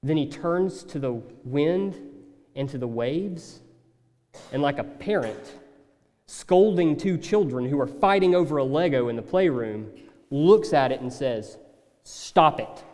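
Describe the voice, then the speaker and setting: A man preaching a sermon in a conversational, animated way, slipping into acted asides. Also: a little high, unhurried, big-room sound. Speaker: pastor.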